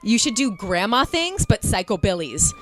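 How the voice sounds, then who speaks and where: A woman's voice: on the high side, huge pitch swings, moderate pace, background noise. A woman hosting a podcast, chatting casually and chiming in with enthusiastic reactions. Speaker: podcast host. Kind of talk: casual chat.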